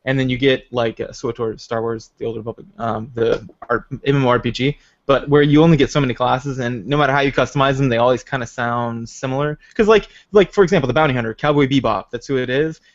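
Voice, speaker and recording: Fast-talking man on a dull podcast line. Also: medium pitch. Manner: excitable, rambling gamer talk. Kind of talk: casual chat.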